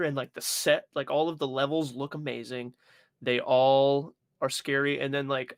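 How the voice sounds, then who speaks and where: Animated young male podcast co-host, casual and profane, dry close-mic sound. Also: medium pitch, no room sound. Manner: animated storytelling, swearing, acting out his own reactions. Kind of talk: casual chat.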